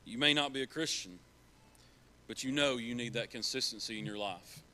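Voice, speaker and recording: A man's voice: medium pitch, normal speed, sharp tone. A man preaching a sermon in a church, earnest and repeating key phrases for emphasis.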